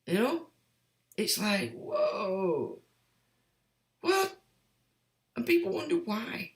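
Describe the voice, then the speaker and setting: A man's voice: sits high, big pitch swings, drawn-out words, fairly bright tone, reverberant. A man hosting a livestream, reading chat comments and ranting in a blunt, sweary, sardonic way. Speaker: livestream host.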